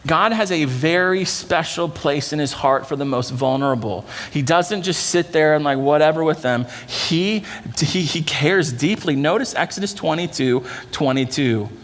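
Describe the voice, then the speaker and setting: Earnest pastor preaching in a reverberant hall. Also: male voice, normal speed. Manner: earnest, conversational preaching that drops low and soft for emphasis. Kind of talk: sermon. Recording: long church-hall reverb.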